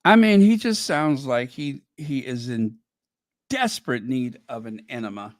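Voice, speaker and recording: Male host doing slow, sarcastic commentary, mocking and rambling, in a dry booth. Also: medium pitch, sing-song, no room sound. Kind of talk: casual commentary.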